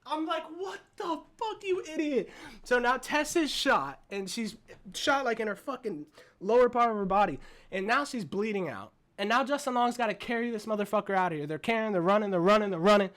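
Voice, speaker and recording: Young guy, fairly high voice, swears nonstop, rambling and fired-up vlog reviewer. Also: a little fast. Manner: excitable, profane, rambling retelling. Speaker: movie reviewer. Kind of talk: casual movie review vlog.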